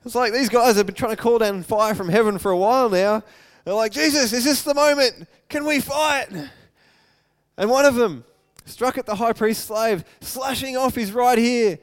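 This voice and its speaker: A man delivers a sermon, retelling scripture and acting out the quoted lines, his delivery swinging between loud excitement and hushed softness. His voice is high-pitched and moderately paced.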